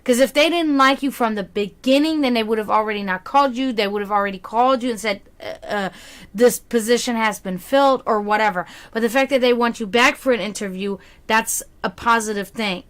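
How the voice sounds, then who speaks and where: A woman's voice: fairly high pitch, brisk, a bit bright. A woman with a German accent, German her first language, rambling through a tarot reading on a live stream, using pet names and plenty of fillers. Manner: rambling, filler-heavy, affectionate. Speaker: psychic reader.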